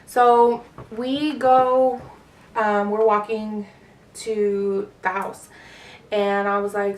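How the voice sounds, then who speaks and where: A woman's voice: mid-range voice, level tone, extremely slow, a little mellow, recorded from a distance. Brief: woman in her 20s, casual storytime vlogger, rambling with fillers, roomy echo, mic set back. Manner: rambling, lots of fillers and swearing.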